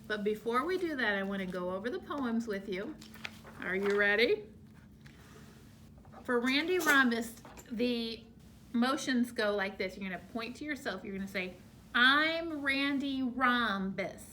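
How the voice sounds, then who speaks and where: A woman teacher explaining shapes to young children, slow and exaggerated in her delivery. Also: on the high side, expressive, a bit bright, slight background noise. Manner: slow, drawn-out, exaggerated for small kids.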